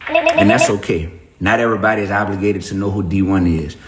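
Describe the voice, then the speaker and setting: A man, talking casually and preachily to viewers on a livestream, giving emphatic points and shout-outs. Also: on the low side, brisk, roomy sound, very noisy. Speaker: rapper on a livestream.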